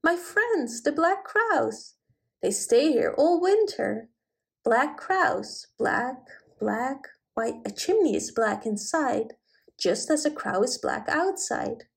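A kindly old rabbit gentleman from a storybook, gentle and good-natured, as a woman reads him aloud. The voice sits a little high for his age. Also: expressive, slow pace, creaky, husky, heavily acted. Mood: cheerful.

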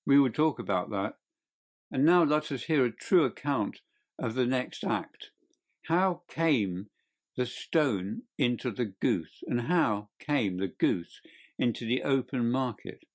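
A man voicing a stern, commanding male detective who questions a suspect in a measured way in an audiobook reading. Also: medium pitch. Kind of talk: audiobook character voice.

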